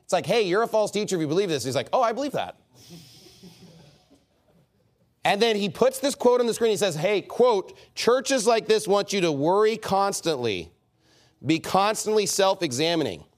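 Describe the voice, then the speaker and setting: A man preaching a sermon as pastor, in an animated, mocking and emphatic manner. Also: sits high, moderate pace.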